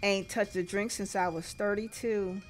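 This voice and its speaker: A woman's voice: medium pitch, steady tone, moderate pace, faint music behind, natural voice. A woman voicing a wry, world-weary farm woman, reading a game's narration aloud in a dry storytelling manner.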